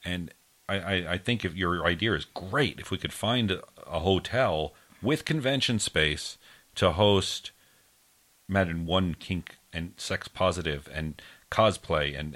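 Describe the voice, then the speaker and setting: A man's voice: low voice, moderate pace, fairly bright tone. A man co-hosting a podcast, talking in a chatty, enthusiastic way. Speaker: podcast co-host. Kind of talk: casual podcast chat.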